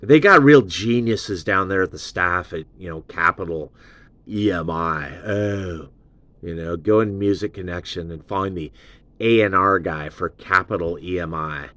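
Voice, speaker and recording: A man's voice: low voice, measured pace, a bit bright. A man hosting a show and giving a casual, rambling album review full of loose asides. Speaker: host.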